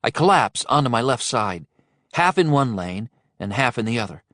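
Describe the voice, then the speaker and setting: A man's voice: mid-range voice, very animated, moderate pace, a bit bright, dry recording, clean studio sound. A man narrating a first-person supernatural thriller audiobook with a wry, dryly humorous manner.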